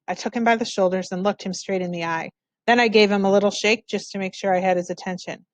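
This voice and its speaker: A woman's voice: medium pitch, steady tone, fast talker, no echo. A woman reading a children's novel aloud, narrating expressively in the first person. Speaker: storybook reader.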